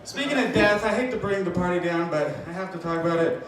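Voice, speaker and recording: A man doing a stand-up comedy set, telling deadpan dark jokes and acting out voices, with audience laughter behind him. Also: high voice, fast, very noisy. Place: comedy club stage. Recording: echoey club from far off, crowd laughing.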